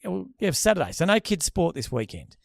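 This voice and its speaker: A man's voice: high voice, very animated, fairly quick, vocal fry, no room sound. An Australian man co-hosting a podcast, bantering bluntly and jokingly in casual chat. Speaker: podcast co-host.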